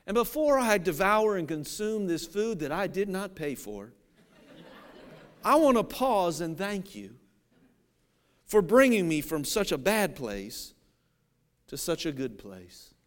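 A man voicing a grateful rescued male dog who bows his head and prays before eating, in a hushed, solemn tone. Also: high voice, big pitch swings, takes it slowly, long pauses, voice pushed down, heavily acted. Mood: reverent, grateful.

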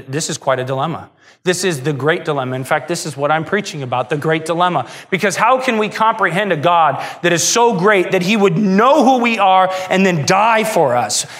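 A man preaching a sermon as pastor, emotional, moving from hushed, tender passages to soaring, impassioned ones. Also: on the high side.

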